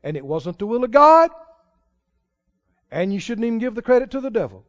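High-pitched guy preaching slow, loud then hushed, muffled old recording. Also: very animated, in a large hall. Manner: preaching with dramatic swings between loud and hushed. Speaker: pastor. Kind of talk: sermon. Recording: dull lo-fi sermon recording.

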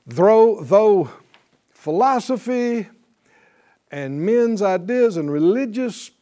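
A man teaching a Bible class in a fervent preaching style, breaking into hallelujahs and quick laughs. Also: high-pitched, mellow.

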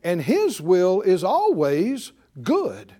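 A man's voice: high-pitched, wildly swooping pitch, slow, mellow. A man preaching a sermon as pastor, emphatic, repeating phrases and drawing call-and-response from the congregation.

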